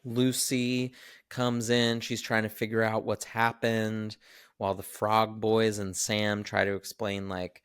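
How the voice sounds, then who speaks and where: A man co-hosting a podcast, recapping a film in animated casual chat and swearing freely. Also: fairly low pitch, measured pace, clean tone, dry recording, clean studio sound. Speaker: podcast co-host.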